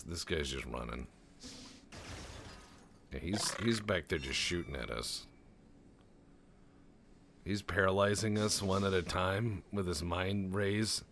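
A man's voice: sits low, unhurried, pauses often, fairly bright tone, slight background noise. A man doing rambling, profane, jokey let's-play commentary over a strategy game, tossing in goofy voices. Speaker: gaming channel host.

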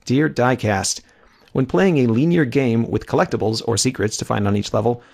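A man's voice: medium pitch, normal speed, vocal fry, darkish tone, slightly rough. A man co-hosting a podcast, reading listener mail aloud in an easygoing, casual way. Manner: easygoing, reads letters aloud.

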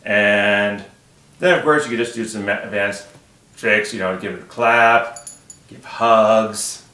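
A man's voice: on the low side, slow, bright, forceful tone. A man talking casually about puppetry as a guest, rambling with many fillers. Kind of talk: casual interview chat. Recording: echoey room.

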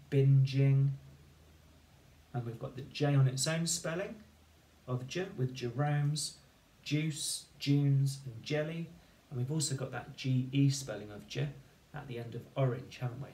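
A man's voice: medium pitch, mellow. A man teaching a phonics lesson, patiently dictating a sentence and spelling words out letter by letter. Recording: echoey room, voice from far off.

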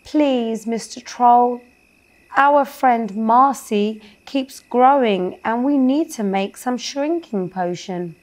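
A woman's voice: on the high side, takes it slowly, pitched above the performer's own voice. A woman voicing a small, worried female fairy in a children's bedtime story, pleading earnestly.

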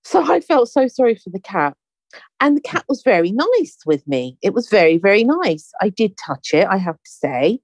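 A woman hosting a conversation, telling a story in a chatty, animated way and acting out the dialogue. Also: medium pitch, normal speed, no room sound, dull audio. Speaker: podcast host. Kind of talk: casual anecdotal storytelling.

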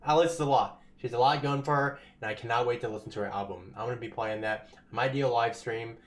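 A man talking casually and excitedly as he reacts to a music video, full of slang. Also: medium pitch, fast. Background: song playing faintly.

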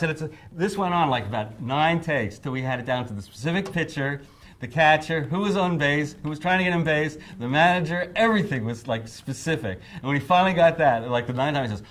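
A man's voice: on the high side, brisk, a bit bright. A man in his fifties being interviewed, telling anecdotes and acting out quotes in raised voices, laughing often. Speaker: songwriter interviewee.

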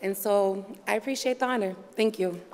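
A woman's voice: medium pitch, moderate pace. A woman from Boston giving an unprepared acceptance speech, casual and conversational with many ums. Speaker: award recipient, photographer. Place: large hall. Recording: hall with long reverb.

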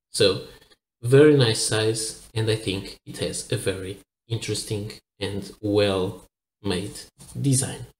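A man's voice: fairly low pitch, echoey room, rough recording. A man from Portugal hosting a fountain pen review, explaining carefully and a little hesitantly as he shows the pen. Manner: careful, hesitant explaining while handling objects. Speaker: pen reviewer, channel host. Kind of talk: product review with demonstration.

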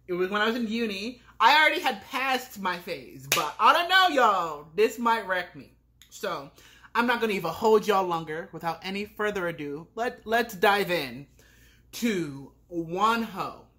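Flustered young woman reacting, bright voice. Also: mid-range voice. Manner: dramatic, exclaiming, flustered. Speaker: reaction video host. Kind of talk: music video reaction. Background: music video playing.

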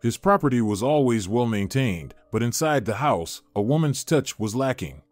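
A man reading a moral story as a measured, steady narrator. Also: medium pitch, dry recording. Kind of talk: scripted narration. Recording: dry studio voice-over with soft music. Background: faint music.

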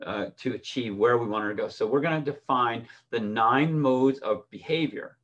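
A middle-aged man coaching swimmers in an informal lesson. He talks conversationally in a voice of middling pitch, weaving in stories, stumbling into restarts and tagging points with "right?". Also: moderate pace, a bit bright, lo-fi sound. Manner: conversational, restarts often and keeps asking "right?". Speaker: swim coach. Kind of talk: instructional talk with personal stories.

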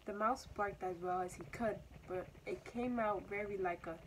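A young woman, a student, reading a children's story aloud with steady, expressive storytelling. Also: medium pitch, normal speed, slight background noise, low-quality recording. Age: teenager or young adult. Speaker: student reader.

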